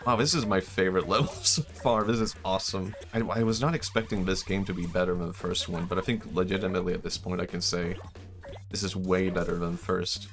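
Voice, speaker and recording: A young man streaming a game, musing in a loose, excitable way and swearing now and then. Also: low-pitched, fairly quick, faint music behind. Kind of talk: casual gaming stream commentary.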